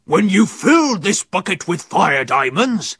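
A man's voice: sits high, big pitch swings, measured pace, fairly bright tone, husky, no room sound, clean studio sound, voice pushed up, heavily acted. A man voicing a menacing pirate captain who roars out commands in a storybook reading. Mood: commanding. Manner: roaring commands.

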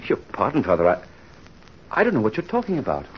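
An actor playing an earnest, gentle young husband in an old-time radio drama, speaking earnestly. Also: male voice, on the low side, wildly swooping pitch, quick pace, lo-fi sound, a little hiss or hum. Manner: earnest, stammering when shaken.

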